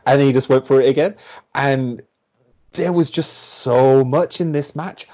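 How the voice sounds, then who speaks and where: Man, podcast guest, animated rambling delivery, mid pitch, muffled lo-fi audio. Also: a little slow. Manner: animated, rambling, heavy use of "like". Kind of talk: casual chat.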